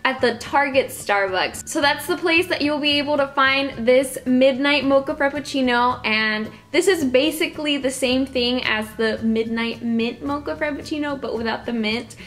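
A young woman from Texas chatting casually as a vlogger, friendly and quick to laugh, reviewing a drink. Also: sits high, a bit bright. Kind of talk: casual product review vlog.

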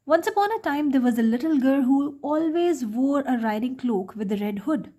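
A woman reading a bedtime story aloud to children in a gentle, sing-song way. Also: high voice, lively intonation, normal speed.

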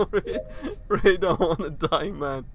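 A man's voice: a little high, measured pace, a little hiss or hum. A young man giving nervous, jumpy live commentary over a video game. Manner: jumpy and nervous, frequent panicked outbursts. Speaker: gaming YouTuber.

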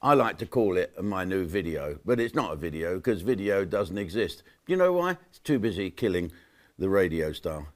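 A middle-aged comedian talks straight to camera in a brash, mocking monologue. His voice sits fairly low. He jumps from loud jokes to quiet muttered asides. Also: sing-song, moderate pace. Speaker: comedian hosting his own channel.

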